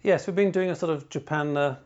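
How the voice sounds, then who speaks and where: A man's voice: on the high side, fairly quick, a little mellow, muffled recording. A man hosting a podcast, talking in long, discursive turns with wry asides. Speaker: podcast host. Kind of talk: podcast interview.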